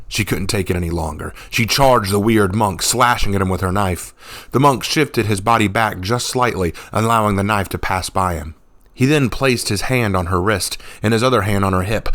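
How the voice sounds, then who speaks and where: Low-voiced man narrating a story. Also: no echo. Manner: measured, even reading.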